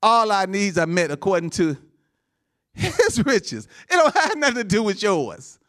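Lively pastor preaching with bursts and laughs. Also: male voice, high voice, a little slow. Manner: laughs often between lines, asks the congregation for amens; swings from loud bursts to quiet asides. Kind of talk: sermon.

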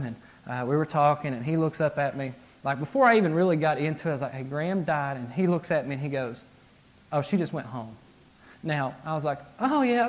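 A man in his thirties giving a casual sermon, talking conversationally with frequent asides and restarts. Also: a little high. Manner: conversational, frequent "right?" and "like", restarts, acted-out inner voices. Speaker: pastor.

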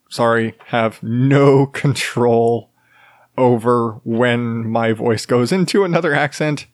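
A man's voice: medium pitch, dry recording, clean studio sound. A man hosting a podcast alone, rambling in casual chat with many fillers and restarts and chuckling now and then. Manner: chuckles while talking. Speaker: podcast host. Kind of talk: solo casual monologue.

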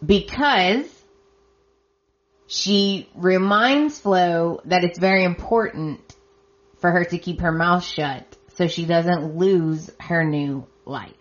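Woman podcast host, casual chatty recap, slow delivery, dull lo-fi sound. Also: lowish voice. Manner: chatty, reacts with surprise and sarcasm. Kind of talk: casual soap opera recap.

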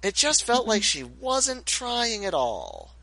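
A man's voice: high-pitched, huge pitch swings, slow, gravelly, bright, forceful tone. A man co-hosting a podcast in casual chat, sarcastic and mock-indignant. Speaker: podcast co-host.

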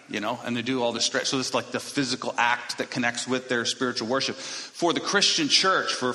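Bright-voiced pastor in an echoing hall. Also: male voice, medium pitch. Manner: conversational, self-deprecating asides to the congregation. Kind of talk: sermon. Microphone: handheld or stage microphone. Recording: echoey hall reverb.

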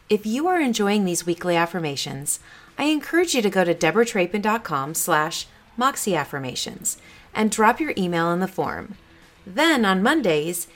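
A middle-aged woman hosts a motivational affirmation podcast in a voice of ordinary pitch for a woman. She sounds upbeat and encouraging, and she slows down and stretches words out for emphasis. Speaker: podcast host.

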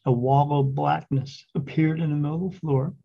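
A man with a somewhat high, gravelly voice tells his story casually, drifting and restarting as he goes. The tone is husky, and the recording sounds dull and lo-fi. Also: steady tone. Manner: rambling, halting retelling with restarts. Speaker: spirit medium, podcast guest.

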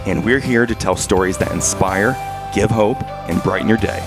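A man's voice: lowish voice, normal speed, over music. A man hosting a podcast, giving upbeat introductions and asking interview questions. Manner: upbeat, scripted-sounding introductions. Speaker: podcast co-host.

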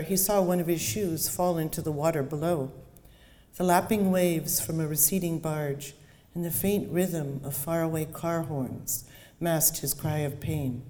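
Low, mellow-voiced woman author in a hall. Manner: chatty, with fillers and restarts when talking. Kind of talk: reading aloud then talking about her book. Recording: long hall reverb.

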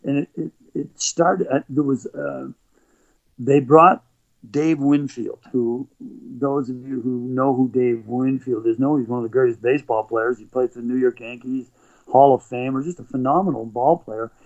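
A man's voice: mid-range voice, moderate pace. A middle-aged Canadian man telling rambling stories as an interview guest, with frequent restarts. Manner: rambling, animated anecdotes with frequent restarts and laughs. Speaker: guest, motivational speaker and former athlete. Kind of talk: conversational storytelling. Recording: dull lo-fi recording.

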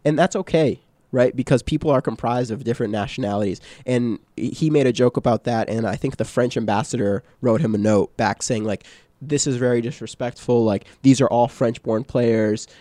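A man's voice: medium pitch, normal speed, hardly any pauses, dark tone, dry recording. A man co-hosting a casual podcast chat, talking loosely with many fillers, restarts and tag questions. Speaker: podcast co-host.

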